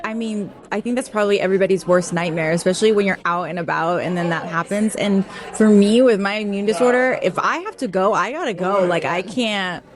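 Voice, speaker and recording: A woman's voice: mid-range voice, fairly quick, hardly any pauses, a crowd in the background. A woman hosting a podcast in casual chat, reacting to her guest and prompting her with questions. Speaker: podcast host. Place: beauty lounge.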